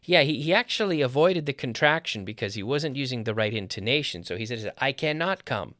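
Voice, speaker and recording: Guy teaching pronunciation, repeats example phrases, dry close mic, mid pitch. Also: expressive, a little fast, a bit bright, no room sound. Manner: explains with spoken examples and sound drills. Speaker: English teacher. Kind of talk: podcast lesson.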